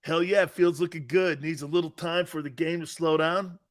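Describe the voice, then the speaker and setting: A man's voice: fairly high pitch, steady tone, moderate pace. Joking, laugh-prone male sports talk host. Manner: joking, laughs often, trails off and restarts. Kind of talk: casual sports talk show banter.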